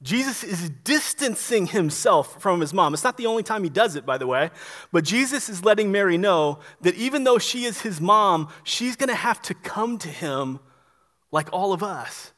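A man preaching a sermon as pastor, earnest and emphatic, often stumbling into quick restarts. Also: high-pitched, lively intonation, a bit bright.

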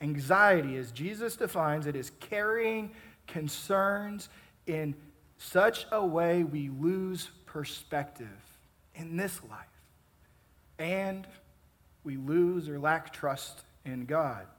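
A pastor delivering a sermon, measured and emphatic, building intensity and then easing off. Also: male voice, on the high side, fairly bright tone. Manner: measured, emphatic preaching with rising and falling intensity.

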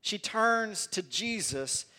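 A man's voice: high-pitched, lively intonation, slow pace, bright, forceful tone. A man preaching a sermon in an earnest way, often repeating words as he builds toward a point.

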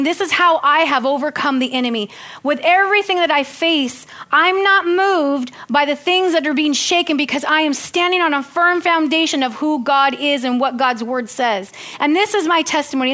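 A woman's voice: sits high, normal speed, pushed and bright. A woman preaching a sermon, reading scripture earnestly and breaking into chatty, laughing asides.

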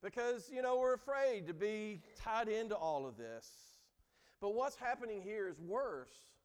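High-voiced man preaching in a reverberant hall. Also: expressive, unhurried, clean tone. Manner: earnest preaching, acts out quoted lines with rising emphasis. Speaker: pastor. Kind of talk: sermon.

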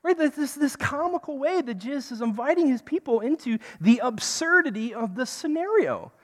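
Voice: high-pitched, animated, normal speed. A preacher giving a conversational sermon in a church hall, often checking in with the listeners. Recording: long hall reverb.

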